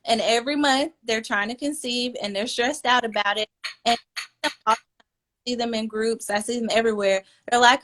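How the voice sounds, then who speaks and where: Earnest woman fertility coach, bright and a little high, casual podcast chat. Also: fairly even intonation, moderate pace.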